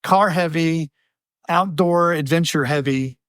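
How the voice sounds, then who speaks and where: A man co-hosting a casual podcast and reading listener mail, animated, often restarting his sentences and laughing. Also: fairly high pitch, unhurried, clean tone, no echo, clean studio sound. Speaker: podcast co-host.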